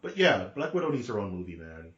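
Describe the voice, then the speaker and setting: Man, low-ish voice, podcast co-host, excitable rambling slang, roomy echo. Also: fast, muffled recording. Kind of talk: casual chat.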